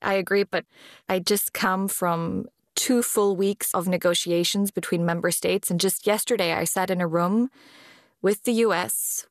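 A woman speaking as a space law official in an interview, explaining in a deliberate way with pauses between phrases. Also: medium pitch, no echo, studio quality. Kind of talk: measured explanatory interview talk. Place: based in Vienna.

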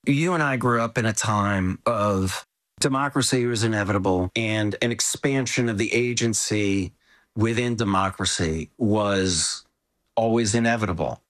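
A man's voice: lowish voice, measured pace, a bit bright. Older man, rambling storyteller. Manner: rambling, full of asides and restarts. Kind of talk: reflective conversational storytelling.

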